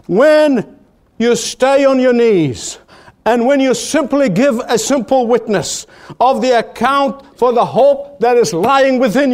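A man preaching with a notably high voice, building his points through hammering repetition. He leaps up for exclamations, then drops low and slows right down for solemn statements. The delivery is a classic pulpit sermon. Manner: emphatic, repetitive preaching cadence; swings between high exclamations and low, drawn-out solemn lines.

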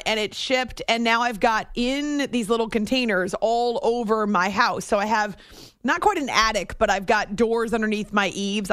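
A woman's voice: mid-range voice, a bit bright, no room sound, clean studio sound. A woman from the Southern US hosting a talk radio show, chatting and laughing as she reads listener messages. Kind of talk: casual sports talk radio chat. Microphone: studio microphone.

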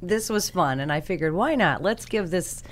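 Low-voiced woman radio host. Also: animated, normal speed. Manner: chatty and encouraging. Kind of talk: radio interview. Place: radio studio.

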